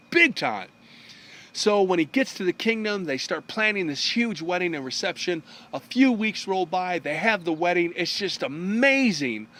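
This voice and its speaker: A man's voice: high-pitched, bright, forceful tone. A man telling a long story to an audience, acting out the characters' lines as he goes. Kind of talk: storytelling talk.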